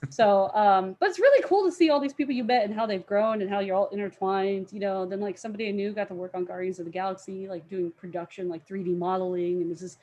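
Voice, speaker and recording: A woman's voice: medium pitch, fast, hardly any pauses, warm tone, highs cut off, a little hiss or hum. A woman telling rambling con stories in a casual podcast chat, with many fillers and frequent laughs. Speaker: podcast guest, cosplayer.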